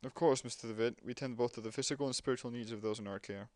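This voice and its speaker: A man voicing a calm, stern older nun who answers formally and measuredly. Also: mid-range voice, racing, no echo, lightly acted.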